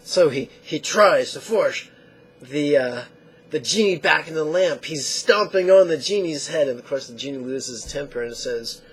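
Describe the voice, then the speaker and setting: Man, meditation teacher, gravelly, animated storyteller. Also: on the high side, normal speed. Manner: animated storyteller acting out quotes. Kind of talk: spoken meditation lesson.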